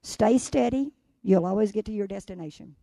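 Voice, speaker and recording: An older woman delivering a sermon as guest preacher, with fervent, repetitive exhortation that swings from hushed to loud. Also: mid-range voice, a little fast, vocal fry, dry recording, studio quality.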